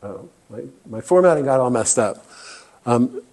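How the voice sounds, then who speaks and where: A man's voice: medium pitch, expressive, normal speed, darkish tone. A man giving a presentation talk as guest speaker, earnest and often restarting with fillers. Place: meeting room.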